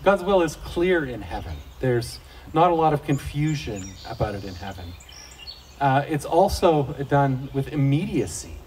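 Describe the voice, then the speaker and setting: This Christian speaker for fathers, a middle-aged man, has a mid-range, darkish voice with a sing-song lilt and a slightly slow delivery. His devotional talk is casual, full of folksy jokes and family-life stories, picked up on a distant mic with faint noise from outdoors.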